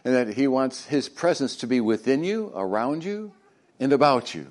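A male pastor preaching a sermon, swinging between loud emphatic lines and hushed near-whispers, with joking asides to the congregation. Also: medium pitch, lively intonation, moderate pace.

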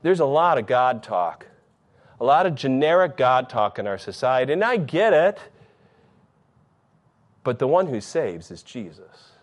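An earnest male pastor delivering a sermon at a mid pitch. He pushes key phrases up with emphasis, then sinks into low, quiet lines. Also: sing-song, unhurried, long pauses. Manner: earnest preaching, swings between raised emphatic phrases and low quiet ones.

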